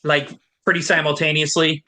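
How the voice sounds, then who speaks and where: A man's voice: fairly high pitch, level tone, moderate pace, bright, forceful tone. A man hosting a casual podcast, asking his guest friendly follow-up questions about tabletop gaming. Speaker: podcast host. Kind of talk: casual chat.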